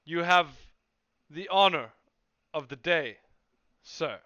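A man's voice: on the high side, expressive, slow pace, bright, forceful tone, no room sound, lo-fi sound, full character voice. A man voicing a gracious, formal queen in a tabletop game. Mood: stately. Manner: formal, stately speech.

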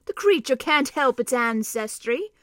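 A woman's voice: sits high, animated, unhurried, bright, forceful tone, dry recording, clean studio sound, heavily acted. A woman voicing a practical male dwarf soldier who talks in a brusque, grumbling way.

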